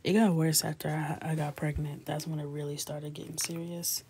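A low-pitched woman's voice with little pitch movement comes at normal speed. She's in her thirties, hosting a live coloring stream where she chats casually, laughs with viewers, and speaks softly, often dropping into a whisper.

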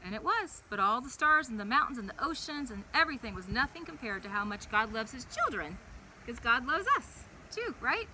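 A young woman leading a preschool chapel, reading a Bible story to young children in a playful, animated way. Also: on the high side, fairly quick, background noise.

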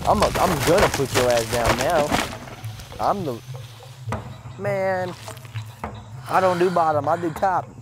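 A man's voice: fairly high pitch, unhurried, pauses often. A man streaming a video game, joking and swearing as he reacts to the action. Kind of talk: casual gameplay commentary. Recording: game music loud behind voice. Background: game music.

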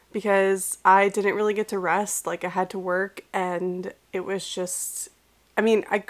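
A young woman talks casually to her viewers about books and her week. Her talk wanders, full of fillers and restarts, and she is still getting over an illness. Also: mid-range voice. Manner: chatty, rambling, lots of fillers and restarts. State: recovering from illness, tearful at times. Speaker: book vlogger. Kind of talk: casual vlog chat.

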